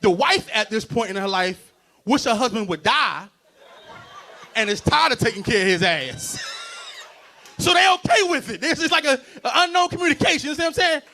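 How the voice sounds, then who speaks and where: A man doing a stand-up comedy set, loud and animated, working the crowd between bits. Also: very high-pitched, moderate pace. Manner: loud, animated crowd work with frequent laughs. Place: stage before a live audience.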